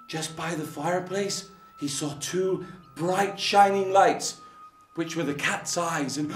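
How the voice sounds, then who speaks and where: A man telling a children's story in an animated way, acting out sounds and voices. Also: a little high, a little slow. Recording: roomy, distant mic, faint music.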